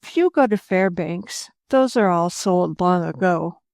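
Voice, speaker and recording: A woman's voice: lowish voice, animated, slow pace, creaky, a little mellow, no echo, clean studio sound, full character voice. A woman voicing a plump, kindly older farm wife who talks in a homely, matter-of-fact way.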